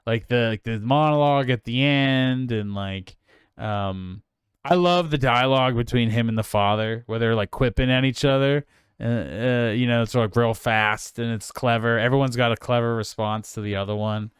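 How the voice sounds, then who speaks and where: A man's voice: medium pitch, moderate pace, smooth, no echo, clean studio sound. A man co-hosting a film podcast, chatting casually and enthusiastically, rambling and swearing freely. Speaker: podcast co-host.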